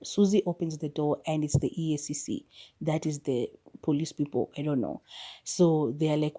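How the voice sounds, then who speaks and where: A woman hosting a podcast, telling a movie's plot in a loose, chatty way with quick side comments and self-corrections. Her voice sits low and sounds mellow and relaxed rather than bright. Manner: chatty retelling with quick asides and restarts. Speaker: podcast host. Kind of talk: casual movie recap.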